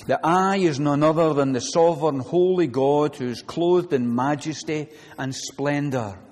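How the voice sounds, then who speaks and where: A man's voice: fairly high pitch, unhurried, darkish tone. A man preaching a sermon in a conversational way, often restarting phrases and acting out short quoted prayers. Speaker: pastor. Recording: reverberant hall with faint ambience.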